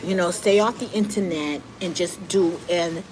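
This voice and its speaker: A middle-aged woman hosting a live stream, giving candid, animated commentary straight to her viewers. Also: fairly low pitch, normal speed, poor audio. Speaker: livestream host. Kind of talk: casual commentary monologue. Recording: noticeable background noise.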